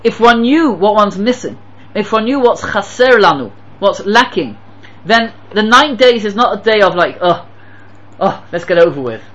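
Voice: mid-range voice, lively intonation, moderate pace, a bit bright, dull audio. A Torah teacher giving an impassioned sermon, telling stories and pressing rhetorical questions with emphatic repetition. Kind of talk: sermon with storytelling.

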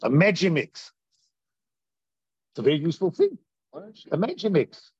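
A man teaching a Torah class as a rabbi, animated and repeating phrases for emphasis. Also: on the high side, unhurried, husky, no room sound, dull audio. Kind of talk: Torah class on Tisha B'Av.

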